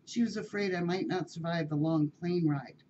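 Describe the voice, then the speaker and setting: A woman voicing a very old, dignified female cat who speaks slowly, properly and graciously. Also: lowish voice, mellow, highs cut off, a little hiss or hum, natural voice. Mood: gentle.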